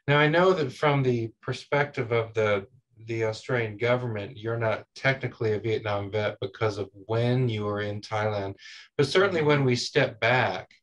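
A man from the United States, hosting an interview and asking measured, thoughtful questions. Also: lowish voice. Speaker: interviewer, host.

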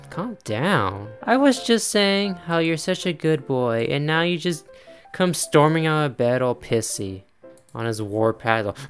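A man giving casual let's-play commentary, chatty and quick to laugh, talking straight to the game's characters. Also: fairly high pitch. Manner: chatty, laughs often, talks to game characters. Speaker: gaming YouTuber.

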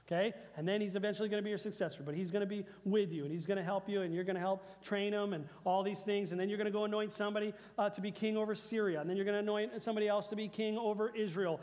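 A man's voice: high-pitched, fairly even intonation, racing, few pauses, long reverb tail. A man preaching a conversational sermon as pastor, repeating phrases for emphasis. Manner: conversational preaching, repeats phrases, acts out God's lines softly.

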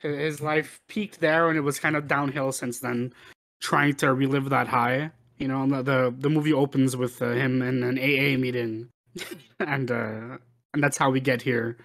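A man's voice: medium pitch, steady tone, moderate pace, gravelly, fairly bright tone. Rambling male podcast co-host. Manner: rambling, many restarts and "like". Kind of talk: casual film review chat.

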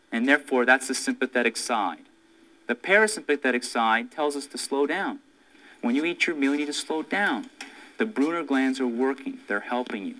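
A man delivers a classroom lecture with a bright, forceful tone and a mid-range pitch. He drives home each point with emphasis, quizzing the room and answering his own questions. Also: rough recording. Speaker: instructor.

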